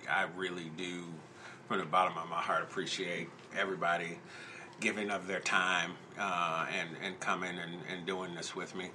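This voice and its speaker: A man hosting a podcast in casual chat, talking in a halting, heartfelt way with many restarts. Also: sits low, little pitch movement, noisy background. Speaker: podcast host.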